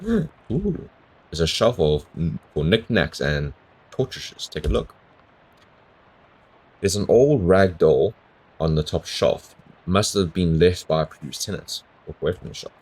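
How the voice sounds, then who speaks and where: Very deep-voiced man playing a game. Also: big pitch swings, a little slow, darkish tone, breathy edge. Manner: reads game text aloud, bemused asides. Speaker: gamer. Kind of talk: let's play commentary.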